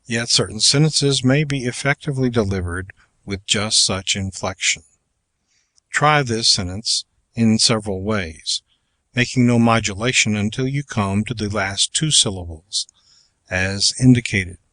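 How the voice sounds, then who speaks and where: A man reading aloud from a public speaking manual in a measured, deliberate way. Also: fairly low pitch, bright, forceful tone, no room sound. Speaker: audiobook reader.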